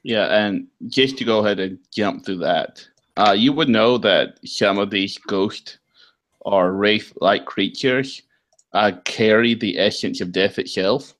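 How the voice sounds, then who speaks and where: Slow-talking low-voiced man running the game. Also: fairly bright tone, a little hiss or hum. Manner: unhurried, filler-heavy explaining. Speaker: game master. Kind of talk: narrating a tabletop game.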